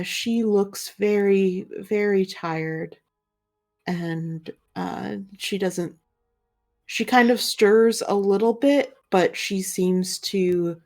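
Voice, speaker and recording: A young woman narrating a tabletop role-playing game as game master, describing scenes in a relaxed, meandering way. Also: lowish voice. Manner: relaxed, filler-heavy description.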